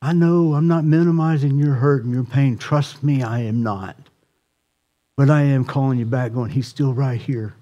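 A male pastor delivering a sermon with real passion. His warm, mellow voice climbs high and loud on appeals, then sinks to a soft hush for quiet moments. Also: normal speed, highs cut off. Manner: impassioned, rising to near shouting then dropping soft.

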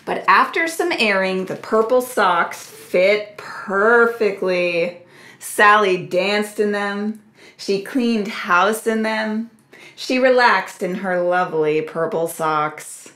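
Expressive storytime librarian woman, slow. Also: mid-range voice, roomy sound. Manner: slow, expressive, asks the children questions. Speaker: children's librarian. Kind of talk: preschool storytime reading.

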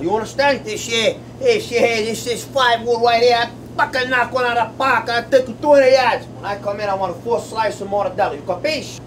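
A man's voice: very high voice, a little hiss or hum. An actor playing a brash, boastful wise guy, crude and constantly swearing, in a comedy sketch. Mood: swaggering. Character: brash boastful Italian-American wise guy obsessed with mortadella. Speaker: comic actor.

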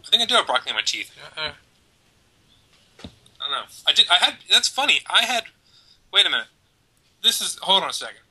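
A man's voice: high-pitched, big pitch swings, a little fast, long pauses, bright, forceful tone, breathy edge, low-quality recording. A man co-hosting a parenting podcast, rambling and joking with many fillers as he hands out giveaways. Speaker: podcast co-host. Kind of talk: casual chat, giving away prizes.

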